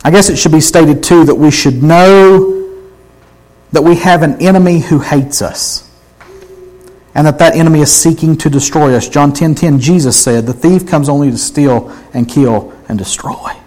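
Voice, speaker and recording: A man preaching a sermon, emphatic, swinging between loud exclamations and hushed intensity. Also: a little high, normal speed, low-quality recording.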